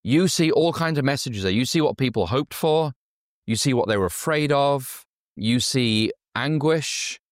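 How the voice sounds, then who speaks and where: A man's voice: medium pitch, animated, unhurried, no echo, clean studio sound. A man from Yorkshire preaching a conversational sermon who keeps asking his listeners questions. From Yorkshire, England. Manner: conversational, asks the audience questions. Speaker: pastor.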